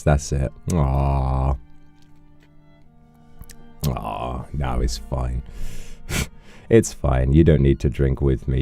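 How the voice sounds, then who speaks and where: A man's voice: rumbling low, dark tone. A man hosting a casual live stream, rambling through anecdotes and thanking donors. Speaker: livestream host.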